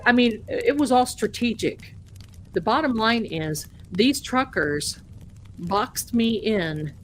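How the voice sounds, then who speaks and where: A woman's voice: mid-range voice, slight background noise. A woman hosting a live stream, telling viewers a frightening personal story in a dramatic, emotional way with many restarts. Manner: dramatic, breathless retelling with restarts. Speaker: host of a live tarot channel.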